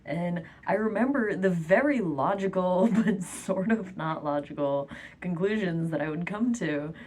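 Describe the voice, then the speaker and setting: A woman's voice: lowish voice, a little slow, a little mellow, husky. A young woman in a nervous, rambling vlog monologue, giggling often and filling her talk with "like" and "um". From France.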